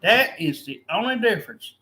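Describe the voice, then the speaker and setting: A man's voice: sits high, sing-song, normal speed, sharp tone. A weary, fed-up man in a casual, angry rant, swearing constantly as he complains. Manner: angry, profane ranting.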